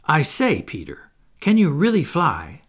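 A man reading aloud, voicing an eager, practical young schoolboy who talks in an excitable way. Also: a little high, unhurried, husky, full character voice.

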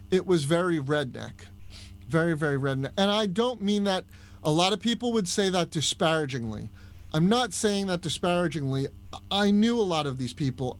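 Chatty man with a Long Island accent. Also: a little high. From Long Island, New York. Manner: storytelling, animated, with restarts. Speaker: podcast guest. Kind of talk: casual chat. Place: Orlando, Florida.

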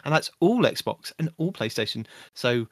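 A man's voice: mid-range voice, lively intonation, normal speed, dry recording, studio quality. A man hosting a casual gaming podcast, reading update notes aloud and breaking off into joking asides. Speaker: podcast host.

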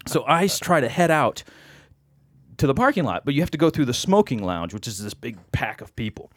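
A man telling a long anecdote on a podcast, animated and acting out the other people's voices. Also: mid-range voice, brisk, no echo, clean studio sound. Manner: animated, acts out quoted voices. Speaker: podcast guest. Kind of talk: storytelling anecdote.

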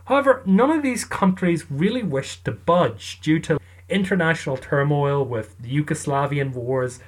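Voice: mid-range voice, animated, moderate pace. A casual storyteller with a wry, chatty delivery and an ordinary mid-range voice. The telling is loose and conversational, full of asides to the listener. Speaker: storyteller narrator.

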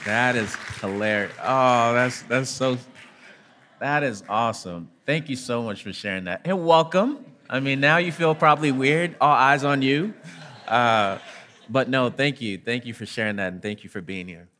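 A man's voice: mid-range voice, normal speed, bright, forceful tone, a faint crowd, a little hiss or hum. A man leading a church small-group discussion, encouraging people to share and answering with short, repeated affirmations.

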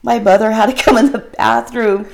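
A woman's voice: fairly high pitch, level tone, normal speed, creaky, a little mellow, slight background noise. Giggly rambling woman telling a story. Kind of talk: casual chat.

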